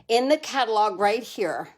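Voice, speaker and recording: A middle-aged woman from New Jersey hosting a casual live card-making tutorial, chatty and enthusiastic, greeting viewers by name. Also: fairly high pitch.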